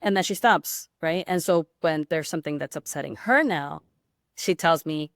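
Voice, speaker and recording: A woman's voice: low voice, normal speed, dry recording, clean studio sound. A woman talking as a guest on a podcast, explaining at length in a rambling, conversational way with many fillers and restarts. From Hispanic background. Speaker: pediatric sleep consultant and guest. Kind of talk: casual podcast interview.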